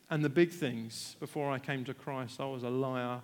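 A man preaching a storytelling sermon in an animated, conversational way, with self-deprecating asides. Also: mid-range voice, normal speed. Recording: long hall reverb.

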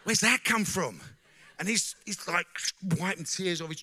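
Forceful high-voiced man telling a story. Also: a little slow, dry recording, clean studio sound. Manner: lively storyteller with frequent "you know?" and questions to the audience. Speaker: speaker giving a testimony. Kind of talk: personal testimony to a church audience.

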